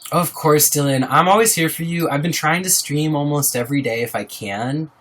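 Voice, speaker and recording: A man's voice: fairly high pitch, moderate pace, a bit bright. A young man hosting a casual livestream, talking earnestly and supportively to his viewers and reading out their names. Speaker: livestream host. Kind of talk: casual live-stream chat with viewers.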